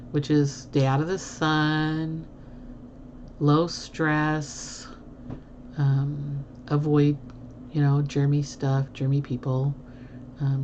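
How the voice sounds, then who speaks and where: A low-pitched woman hosts a casual livestream, answering viewer comments in a rambling, teasing way with plenty of fillers and laughter. The audio is muffled and lo-fi, with a faint hiss underneath. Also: a little mellow. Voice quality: chatty, rambling with many fillers. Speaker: livestream host.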